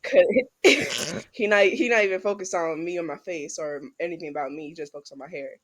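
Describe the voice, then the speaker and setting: A woman's voice: lowish voice, a little fast. A woman co-hosting a podcast, narrating an improvised roleplay in a laid-back, chatty way.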